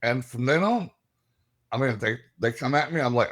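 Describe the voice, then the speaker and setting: A middle-aged man, a guest telling animated stories and laughing as he acts out the voices in them. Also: mid-range voice, moderate pace. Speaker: guest, paranormal investigator. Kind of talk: animated storytelling.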